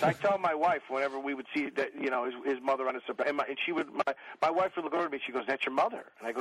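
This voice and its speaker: A middle-aged man tells profane, rambling comic stories in a fairly high voice. The sound is dry and close, with no room around it. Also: rapid-fire, hardly any pauses, fairly bright tone, breathy edge, no echo, rough recording. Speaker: podcast guest. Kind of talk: profane storytelling chat.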